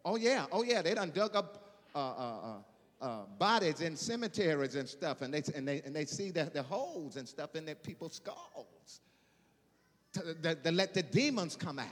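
High, bright-voiced preacher. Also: male voice, big pitch swings, moderate pace, big-room sound. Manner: emphatic, rises to shouting peaks, repeats for emphasis. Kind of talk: sermon. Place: church.

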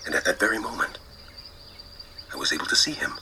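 Earnest apostle Paul, bright-toned. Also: male voice, low-pitched, expressive, brisk, slight background noise, heavily acted, low-quality recording. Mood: solemn. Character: apostle Paul, earnest middle-aged man, testifying. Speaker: voice actor in a dramatized Bible reading. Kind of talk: dramatized scripture reading.

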